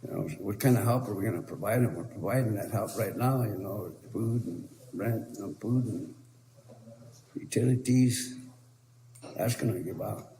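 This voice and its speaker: A man's voice: on the low side, moderate pace, mellow. A man speaking as a tribal council representative in a meeting debate, earnest and pleading, repeating himself. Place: council chamber. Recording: echoey council chamber with faint noise.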